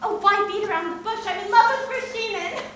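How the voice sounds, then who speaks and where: A young actress in her twenties playing a passionate middle sister who confides in a fervent, rushing way, in a live stage play. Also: very high-pitched, a bit bright. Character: middle sister, passionate, confessing forbidden love. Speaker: stage actor. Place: theatre stage. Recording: echoey stage sound from far off.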